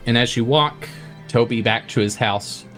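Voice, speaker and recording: A man's voice: mid-range voice, normal speed, a bit bright, faint music behind. A man running a tabletop game as game master, narrating in a heartfelt, emotional way.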